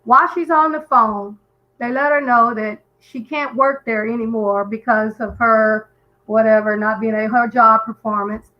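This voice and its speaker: A woman's voice: a little high, steady tone, normal speed. Earnest woman caller on a lo-fi line. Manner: earnest, emphatic storyteller with frequent restarts. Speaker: guest caller on a live stream. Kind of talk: casual call-in chat.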